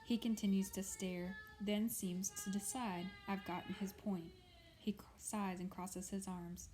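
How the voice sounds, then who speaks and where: A woman reading a novel aloud in a steady storytelling voice. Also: medium pitch, a little slow, slight background noise, rough recording. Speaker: audiobook reader. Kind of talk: scripted narration of a novel.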